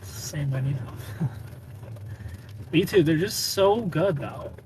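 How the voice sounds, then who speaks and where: Male streamer, slightly high voice, playful, laughs a lot, faint noise behind. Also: animated, drawn-out words, a little mellow. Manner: greets viewers by name, laughs often, playful. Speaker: live streamer. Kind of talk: casual live-stream chat.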